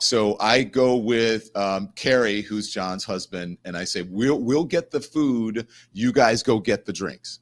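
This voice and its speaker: A middle-aged man hosting a livestream, telling a story in an animated, indignant way with quick asides to the chat. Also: fairly low pitch. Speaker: host.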